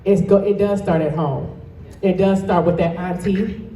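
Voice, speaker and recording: A woman's voice: fairly low pitch, fairly even intonation, a little slow, dark tone, distant mic. Passionate woman speaking in an echoey hall. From Toledo, Ohio. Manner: passionate, emphatic, addresses the crowd directly. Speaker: guest speaker and dance studio owner. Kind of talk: motivational speech to a live audience. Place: event hall, indoors.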